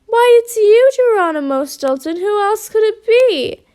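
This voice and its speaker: Woman playing a booming, effusive mouse host. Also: moderate pace, a little mellow. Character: grand, enthusiastic male mouse hotel owner.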